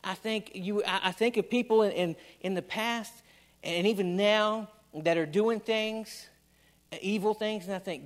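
A male preacher with a high voice delivers an impassioned sermon. He repeats phrases for emphasis, sometimes stumbling on restarts as he presses each point. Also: a little slow. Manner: impassioned, repetitive, stammers on restarts.

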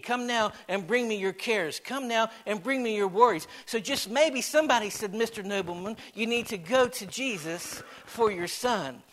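Male preacher, high voice, repetitive sermon delivery that swings from hushed to loud. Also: low-quality recording.

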